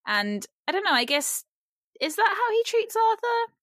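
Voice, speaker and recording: A woman's voice: very high-pitched, sing-song, normal speed, a bit bright, no room sound. Chatty woman podcaster, dry sound. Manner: chatty, lots of "like", laughs often. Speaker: podcast co-host. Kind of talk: casual chat.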